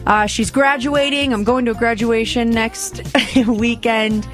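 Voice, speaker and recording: A woman's voice: a little high, fairly even intonation, a little slow, soft background music. A woman co-hosting a morning radio show, chatting and laughing through casual banter.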